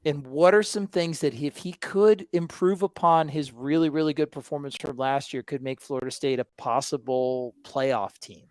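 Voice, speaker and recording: A man's voice: fairly high pitch, moderate pace, hardly any pauses, clean tone, dry recording. Teasing man hosting a football podcast. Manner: teasing, jokey. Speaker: podcast host. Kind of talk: casual podcast chat.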